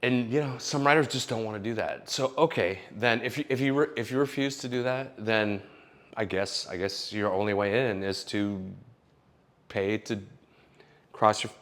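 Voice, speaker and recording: A young man, a screenwriter in Los Angeles, giving blunt, casual advice in an animated way, swearing often and restarting his sentences. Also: lowish voice.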